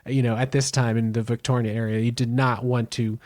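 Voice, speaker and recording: A man's voice: mid-range voice, level tone, darkish tone, no echo. Easygoing male podcast co-host, dry sound. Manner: easygoing, laughs along, quick asides. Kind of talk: casual book discussion.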